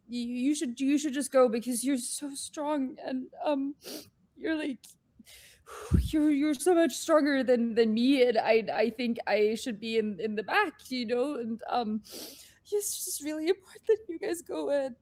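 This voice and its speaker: A woman's voice: sits high, dark tone, voice pushed up. A woman voicing a timid, anxious young male adventurer who stammers and sounds close to tears.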